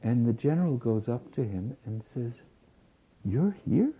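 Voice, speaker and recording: A man giving a spiritual lecture in a slow, deliberate way, repeating key phrases for weight. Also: mid-range voice. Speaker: spiritual teacher. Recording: tinny phone-like lo-fi recording.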